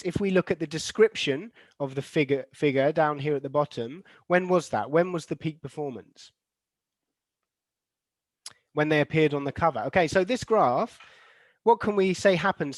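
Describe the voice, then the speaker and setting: A man's voice: on the high side, no echo. A man leading an online lesson for teachers, reading replies from the chat, asking the class questions and saying example sentences aloud to show word stress. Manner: many fillers and restarts, models stress patterns aloud.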